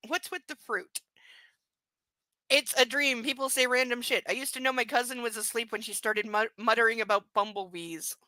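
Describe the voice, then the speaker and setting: A woman's voice: on the high side, steady tone, a little fast, few pauses, pushed and bright, no echo. A woman streaming a live book reading from home, breaking in with blunt, crude, sarcastic asides. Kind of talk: live reading with casual commentary.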